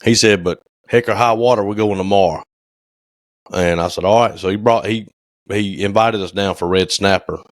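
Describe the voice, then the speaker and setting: A man's voice: fairly low pitch, fairly even intonation, normal speed, no room sound. A man co-hosting a podcast, telling stories in a rambling casual chat with lots of fillers. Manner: rambling storyteller, many fillers. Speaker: podcast co-host.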